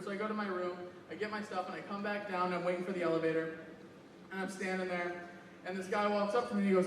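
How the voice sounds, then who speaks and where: A man's voice: sits high, fairly even intonation, fast, slight background noise. A man doing stand-up comedy at a convention, telling crude stories and acting out the quoted lines. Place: convention panel room. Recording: echoey hall, mic from far off.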